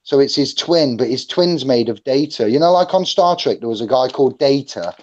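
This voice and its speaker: A jokey, animated man gives a casual seminar talk at a mid pitch. He acts out phone calls to make his points. The recording sounds slightly dull and lo-fi. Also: brisk. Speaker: seminar speaker.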